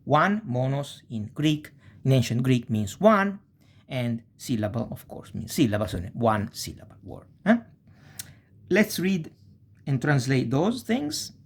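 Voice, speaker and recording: A man teaching a language lesson, speaking slowly and deliberately and often checking in with "eh?". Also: medium pitch, very animated. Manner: slow and deliberate, frequent checking tags like "eh?". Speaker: Italian teacher.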